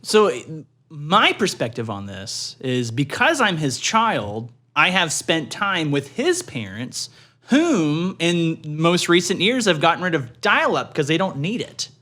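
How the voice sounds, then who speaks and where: Bright, teasing podcast co-host man. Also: a little high, wildly swooping pitch, slow. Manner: teasing, playful. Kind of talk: casual chat.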